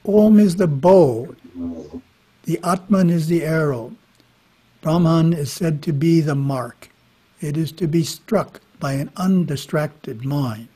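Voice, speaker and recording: A man giving a spiritual talk, reading scripture in a measured way with brief casual asides. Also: on the high side, warm tone, breathy edge. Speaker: monastery teacher. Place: monastery. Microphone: webinar microphone.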